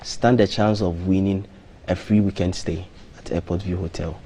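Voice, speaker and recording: Deep-voiced man, measured talk. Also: fairly even intonation, dark tone, slight background noise. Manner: measured, plain promotional talk with frequent ums and restarts. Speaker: hotel marketing manager, studio guest. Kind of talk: live TV breakfast show interview. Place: TV studio.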